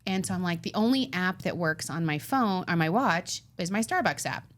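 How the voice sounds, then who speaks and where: A woman co-hosting a podcast, telling a story in an animated, breathless way and acting out both sides. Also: on the low side, normal speed. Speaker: podcast co-host. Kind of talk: casual chat, storytelling.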